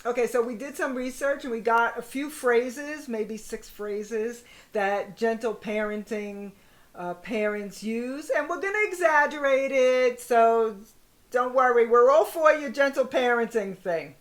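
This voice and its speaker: A woman in her sixties, co-hosting a casual chat, talkative and quick to laugh. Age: 60s. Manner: chatty, laughs often, acts out parents' phrases in a high sing-song voice. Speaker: co-host.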